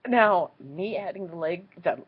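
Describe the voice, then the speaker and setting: Animated young woman vlogger, husky voice. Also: a little slow, highs cut off. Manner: animated, swearing, acts out quotes in squeaky high voices. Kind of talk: casual storytelling vlog.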